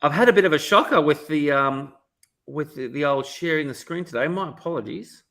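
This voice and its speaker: A man leads a live demo over a video call with a bright, slightly high voice. He thinks aloud as he goes and restarts his sentences in an enthusiastic rush. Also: lively intonation, fairly quick. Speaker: keynote speaker.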